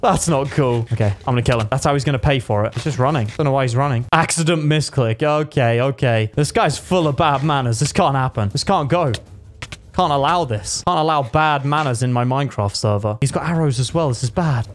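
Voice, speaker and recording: Excitable young gamer guy. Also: brisk, slight background noise. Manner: excitable, yelps high when fighting. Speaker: gaming video creator. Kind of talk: live gameplay commentary.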